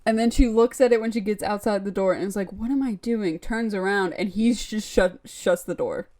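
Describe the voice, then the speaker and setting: A chatty woman retelling a story for a podcast, her voice mellow and warm rather than bright. She talks casually and slips into little acted-out quotes. Her pitch sits in an ordinary middle range. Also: fairly even intonation, a little fast. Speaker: podcast co-host. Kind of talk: casual book recap.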